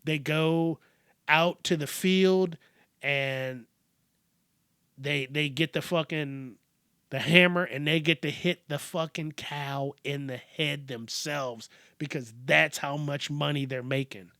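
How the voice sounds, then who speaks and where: A man's voice: fairly high pitch, takes it slowly, bright, forceful tone, clear, resonant tone, no room sound, studio quality. A man hosting a comedic news podcast, ranting in a profane, rambling, sarcastic way. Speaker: podcast host.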